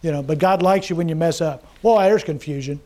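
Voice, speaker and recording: A man preaching a sermon in a conversational way, often asking his congregation questions and quickly acting out the voices of mockers. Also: a little high, mellow. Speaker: pastor.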